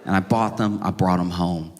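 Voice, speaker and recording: A male stand-up comedian telling calm, wry stories that climb into exasperation. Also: low-pitched, moderate pace, a little hiss or hum. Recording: reverberant performance hall.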